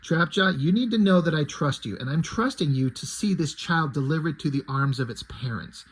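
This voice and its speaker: A man's voice: fairly high pitch, expressive, normal speed, husky. A man reading a loyal, stubborn warrior. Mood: earnest.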